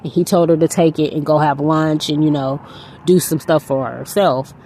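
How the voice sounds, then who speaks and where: Low-voiced woman retelling a story. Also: steady tone, normal speed, warm tone, slight background noise. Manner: rambling and earnest, with frequent "you know". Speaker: faith vlogger. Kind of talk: casual storytelling, retelling a film.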